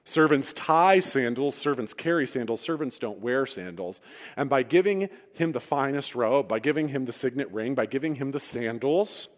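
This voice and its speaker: A male pastor tells a story from the pulpit, mixing vivid retelling with joking asides. His voice sits at an ordinary middle pitch. The sound rings with the long reverb of a large hall. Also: normal speed, few pauses. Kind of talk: sermon.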